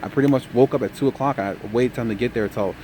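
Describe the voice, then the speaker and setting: A man's voice: medium pitch, very fast, slight background noise. Tired young man telling a trucking story. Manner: relaxed storytelling, says "man" a lot. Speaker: trucking vlogger. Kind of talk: casual vlog update.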